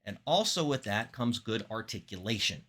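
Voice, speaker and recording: A man from Florida teaching public speaking in a lively lecture, with emphatic pitch jumps and deliberate pauses. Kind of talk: classroom lecture.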